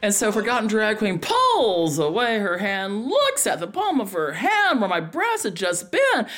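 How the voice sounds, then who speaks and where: A woman telling a personal story in an animated, polite way, often laughing. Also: medium pitch, unhurried.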